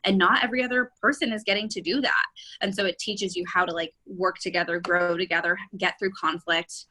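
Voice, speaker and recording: A woman's voice: lowish voice, fairly even intonation, fairly quick, bright, forceful tone, poor audio. A woman real estate agent and coach giving an enthusiastic, chatty webinar talk with many fillers.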